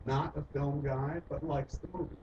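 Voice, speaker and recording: A man's voice: a little high, fairly even intonation, normal speed. A man, a filmmaker, telling stories in casual, profane talk, swearing often and acting out the voices of people he quotes. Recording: distant muffled recording with loud noise.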